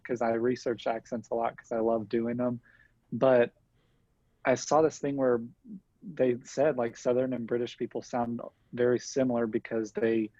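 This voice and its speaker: A man's voice: mid-range voice, a little mellow, no room sound, dull audio. A young man from Kentucky with a Kentucky accent, a guest chatting casually and bubbly over a video call, laughing often. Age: young adult. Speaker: guest, TikTok creator.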